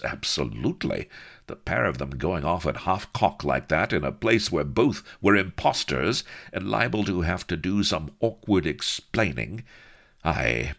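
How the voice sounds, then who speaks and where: A man's voice: rumbling low, fairly bright tone. A man reading a story aloud with playful, theatrical storytelling. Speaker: audiobook narrator. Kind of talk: scripted narration.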